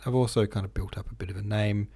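Gravelly low-voiced man rambling. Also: fairly even intonation, fast talker, dark tone. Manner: rambling and hesitant, many fillers and restarts. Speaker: podcast host and novelist. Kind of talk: casual solo podcast chat.

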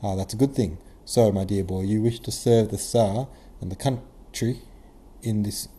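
A man voicing a gruff, imperious old male prince in a novel reading, blunt and commanding. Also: lowish voice, moderate pace, mellow. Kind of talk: audiobook character reading.

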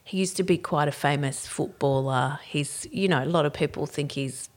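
A woman's voice: deep voice, normal speed. A middle-aged woman, chatting casually as a podcast co-host, telling a story with lots of swearing and laughter. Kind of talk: casual chat.

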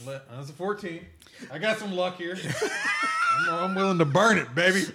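A man playing a tabletop game, talking in a joking, animated way. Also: sits high, moderate pace, very noisy. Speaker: player. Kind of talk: casual tabletop play.

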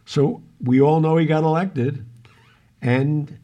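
A man co-hosting a podcast, slowly recounting his own memories in a casual storytelling way. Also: fairly high pitch, steady tone, mellow. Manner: slow, unhurried recounting of personal memories. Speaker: podcast co-host.

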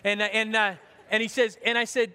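A pastor delivering a sermon in a notably high voice, talking conversationally and poking gentle fun at himself. He stops and restarts his phrases often, and a long hall reverb trails after his words. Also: level tone, brisk, clear, resonant tone. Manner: conversational, self-deprecating, with frequent restarts.

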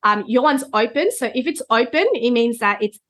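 A woman's voice: a little high, animated, normal speed, a bit bright. A woman, a guest reader, explaining concepts in a conversational chat and often checking in with "right?". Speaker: Human Design reader, guest.

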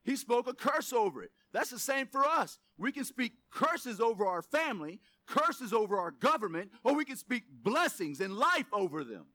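Bright-voiced male preacher. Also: very high voice, moderate pace, few pauses, dry recording. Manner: animated preaching with casual joking asides. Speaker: pastor. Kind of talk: sermon.

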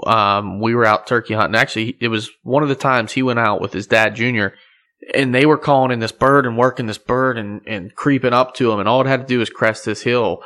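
A man's voice: mid-range voice, steady tone, fairly quick, sharp tone. A man, a podcast host chatting casually and laughing often. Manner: laughs often, friendly commentary. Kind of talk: casual chat.

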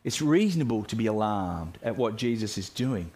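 A man's voice: on the low side, lively intonation, moderate pace, few pauses, a little mellow. A man preaching a sermon as pastor, earnest and reflective, often restarting his phrases.

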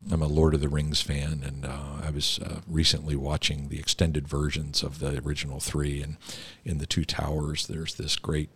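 A man's voice: a bass voice, completely flat delivery, normal speed, hardly any pauses, a bit bright, breathy edge. A man hosting an interview, reflective and affirming as he talks. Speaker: host. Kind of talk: conversational interview.

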